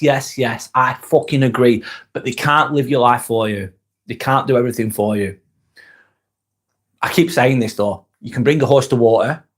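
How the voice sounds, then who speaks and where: A man hosting a live motivational vlog, chatting bluntly and casually with viewers, swearing freely and repeating his points for emphasis. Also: mid-range voice. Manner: talks while eating a snack. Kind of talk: live motivational chat reading viewer comments.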